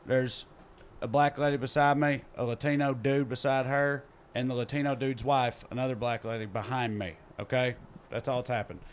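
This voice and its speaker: A man's voice: mid-range voice, steady tone, moderate pace, a little hiss or hum. A man with a Southern US accent, a podcast host telling a story in casual chat, acting out the people he quotes, recorded in a theater green room.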